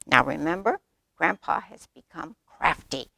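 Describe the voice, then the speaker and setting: A woman storyteller reading a picture book aloud to children, lively and asking them questions along the way. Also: on the low side, a little slow, vocal fry, no room sound, clean studio sound. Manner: animated, asks the children questions.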